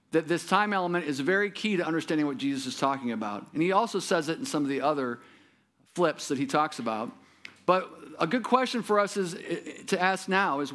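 A male pastor delivers a sermon in an easy, conversational way, pitched a little higher than most men. He keeps turning to the listeners with rhetorical questions and checks like "right?". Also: a bit bright.

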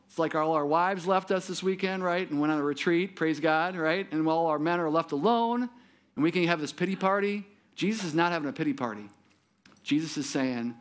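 A man preaching a sermon who speaks straight to his listeners and drops soft and low for his solemn points. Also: moderate pace. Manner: repeats words when he restarts, talks straight to the listener. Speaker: pastor.

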